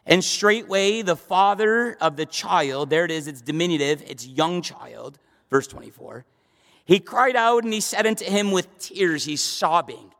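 High-voiced man preaching in a reverberant hall. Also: animated, normal speed, a bit bright. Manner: emphatic preaching, rising to high urgent bursts. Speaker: pastor. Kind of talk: sermon. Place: church sanctuary. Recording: long reverb of a church hall.

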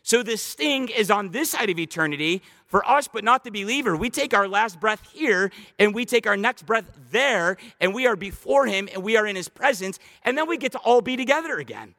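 High-voiced preaching man in a reverberant hall. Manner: animated preaching with slowed emphatic scripture quotes. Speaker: pastor. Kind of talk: sermon.

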